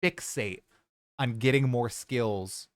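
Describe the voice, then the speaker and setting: A man's voice: medium pitch, slow, dry recording, studio quality. Chatty, hedging man hosting a podcast. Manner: chatty, hedging, explains at length. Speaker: podcast host. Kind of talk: casual gaming podcast chat.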